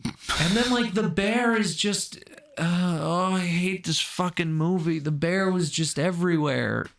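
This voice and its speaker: A man's voice: high voice, unhurried, gravelly, a bit bright. A man co-hosting a casual movie review podcast, recapping the plot in a rambling, profane way and laughing often. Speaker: podcast co-host.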